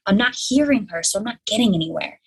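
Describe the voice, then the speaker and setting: A woman's voice: mid-range voice, quick pace, vocal fry, slight background noise, rough recording. A young adult woman speaking as a podcast guest, telling her story openly and acting out her own inner voice. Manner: open and animated, acts out her own inner voice. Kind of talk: candid conversational storytelling.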